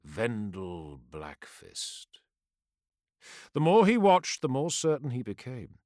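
A man giving a scripted, theatrical narration of a dark fantasy audiobook, building in intensity. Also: fairly high pitch, animated, moderate pace, no room sound, studio quality.

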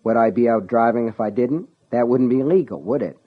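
A man's voice: mid-range voice, a little fast, breathy edge, narrow, tinny audio, close to an everyday voice. A man doing a cocky, teasing troublemaker. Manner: jocular, teasing. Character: cocky swaggering male small-town troublemaker.

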